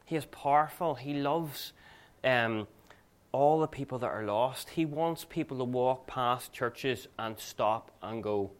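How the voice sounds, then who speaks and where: A man's voice: mid-range voice, takes it slowly. A male pastor preaching a sermon in a conversational, earnest way, weaving in personal stories.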